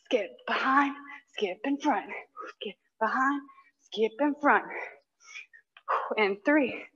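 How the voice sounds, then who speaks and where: A woman leads a live workout class in a fairly high, bright voice. She calls short, widely spaced cues, counts down and cheers people on by name, breathing hard as she works out along with them. The audio is dull and lo-fi. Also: slow, slightly rough, in a large hall. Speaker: fitness instructor.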